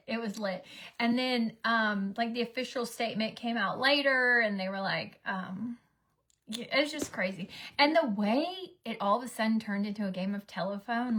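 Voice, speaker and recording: Woman in her thirties, vlogger mom, chatty rambling storyteller, bright and slightly high voice. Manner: chatty, rambling storyteller, dips to whispers for asides. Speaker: vlogger, mother. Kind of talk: casual get-ready-with-me chat.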